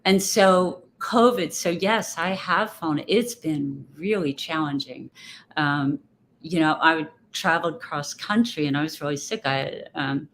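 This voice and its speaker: A woman with a low voice talks in a loose, reflective way, often circling back and restarting her thoughts as an interview guest. There is a faint hiss in the background. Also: unhurried, fairly bright tone. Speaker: guest speaker. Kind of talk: casual interview chat.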